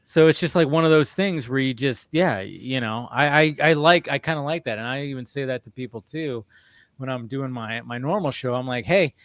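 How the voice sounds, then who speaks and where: A man hosting a casual chat, telling animated stories with frequent laughter and restarts. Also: medium pitch, normal speed, no room sound, clean studio sound. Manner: animated storyteller, laughs often, many restarts. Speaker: podcast host.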